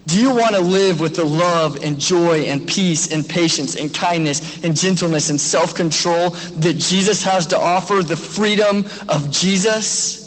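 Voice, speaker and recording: High-voiced pastor preaching in an echoey hall. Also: male voice, a little slow, hardly any pauses. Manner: earnest, exhorting, asks direct questions. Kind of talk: graduation sermon and prayer. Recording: long echo of a large hall.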